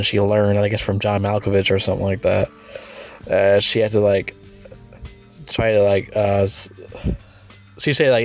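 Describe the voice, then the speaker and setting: A man casually reviewing a movie, rambling and swearing a lot, with sudden loud, incredulous rants. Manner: rambling and crude, with frequent swearing and fillers; breaks into loud, high-pitched incredulous rants.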